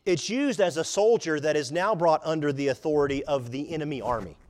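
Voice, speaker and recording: A man's voice: on the high side, a little fast. A male pastor preaching a sermon, speaking emphatically, repeating words, and acting out people's inner thoughts.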